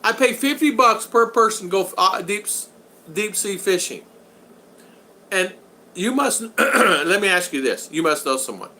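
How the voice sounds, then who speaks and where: A man's voice: high voice, very animated, measured pace, bright, forceful tone, poor audio. An older man hosting a live stream, chatting loosely and greeting viewers by name as he rambles. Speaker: vlog host reading live chat. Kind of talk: casual live-stream chat.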